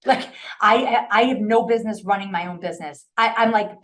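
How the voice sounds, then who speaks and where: A middle-aged woman, a guest on a podcast, tells a personal story in a casual interview. Her voice is medium-pitched, brisk and a bit bright, and she is earnest and emotional, often restarting her sentences.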